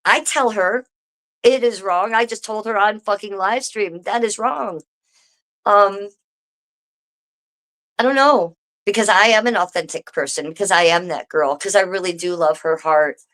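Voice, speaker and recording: A woman's voice: mid-range voice, measured pace. Woman venting on her live stream, cussing a lot, talks right at the chat. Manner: swearing, animated, talks to viewers directly. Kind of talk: casual live stream rant.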